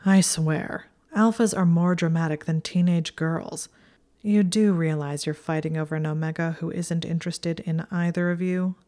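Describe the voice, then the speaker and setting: A woman's voice: lowish voice, fairly even intonation, moderate pace, warm tone, natural voice. A woman voicing an aloof teenage boy wizard with a dry, exasperated manner, in an audiobook reading.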